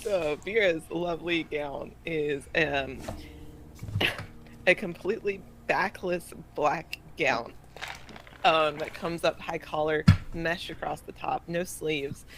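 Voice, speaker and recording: A woman player describing her character's outfit deliberately, with many pauses and fillers. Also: low voice, background noise.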